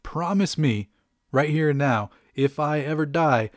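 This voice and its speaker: A man's voice: fairly high pitch, measured pace, dry recording, clean studio sound, natural voice. A man voicing an earnest male mutant fighter in a casual retelling, speaking with pleading seriousness.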